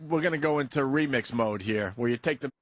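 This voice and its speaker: A man's voice: medium pitch, a little fast, dry recording, clean studio sound. A man hosting a radio talk show, bantering and bringing in callers. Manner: lively, moves the show along, takes callers.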